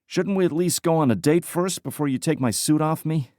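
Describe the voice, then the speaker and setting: A man's voice: on the high side, a little fast, mellow, dry recording, studio quality, voice pushed up, natural voice. A man voicing an injured young man who jokes his way through it, in an audiobook. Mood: wry.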